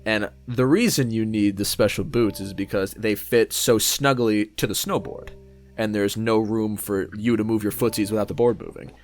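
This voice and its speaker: A young man co-hosting a podcast, telling a story in casual chat, animated and swearing freely as he acts out what people said. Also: on the low side, moderate pace, faint music behind. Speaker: podcast co-host.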